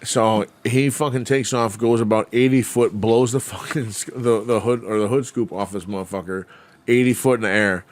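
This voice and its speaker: A man's voice: fairly low pitch, steady tone, normal speed. A man co-hosting a casual podcast, telling wild stories full of swearing and laughter. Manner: profane, laughing storyteller. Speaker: podcast co-host. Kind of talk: casual storytelling chat.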